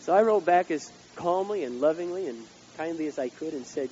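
A male pastor preaching a sermon, swinging between loud outbursts and hushed asides. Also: a little high, expressive, a little fast, few pauses, highs cut off, slight background noise.

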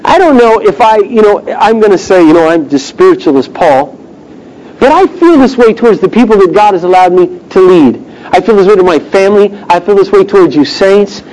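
A man with a noticeably high voice leads a Bible class, reading verses aloud and explaining them in a relaxed, chatty way. He mixes teasing asides with the group and earnest emphasis on the text. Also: a little fast, muffled recording. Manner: joking, conversational asides between verse readings. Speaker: Bible teacher. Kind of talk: casual Bible teaching.

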